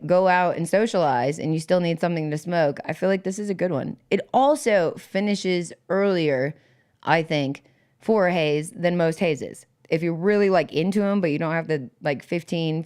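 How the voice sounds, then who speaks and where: A woman with a lower voice hosts a relaxed livestream, talking loosely and filling her sentences with fillers. She laughs easily and keeps greeting people in the chat by name. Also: clear, resonant tone. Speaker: livestream host.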